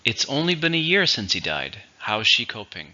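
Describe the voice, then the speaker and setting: A man teaching English vocabulary, explaining words slowly and clearly in a teacherly way. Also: medium pitch, very animated, sharp tone, muffled recording. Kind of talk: vocabulary lesson.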